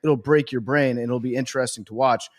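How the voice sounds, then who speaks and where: Deadpan male podcast co-host. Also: medium pitch, a little fast. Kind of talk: casual sports chat.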